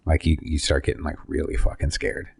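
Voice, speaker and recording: A man's voice: very deep voice, monotone, a little fast, vocal fry, breathy edge. A man co-hosting a podcast in casual chat, dropping dry, teasing asides. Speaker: podcast co-host.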